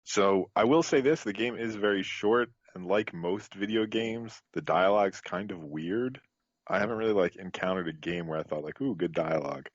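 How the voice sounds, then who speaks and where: A man co-hosting a casual podcast chat, an animated storyteller who laughs often. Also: fairly low pitch, moderate pace, no echo, highs cut off. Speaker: podcast co-host.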